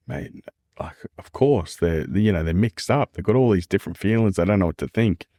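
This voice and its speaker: A man's voice: sits low, lively intonation, fairly quick, mellow, dry recording, studio quality. An Australian man talking earnestly and candidly as a podcast guest, repeating phrases and calling the listener "man" and "mate". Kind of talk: candid casual conversation.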